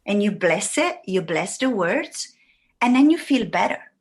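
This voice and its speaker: A woman's voice: mid-range voice, sing-song, unhurried, husky. A woman guest on a podcast who talks in a rambling way and acts out the thoughts she quotes. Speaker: guest, writing mentor. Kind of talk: casual podcast conversation.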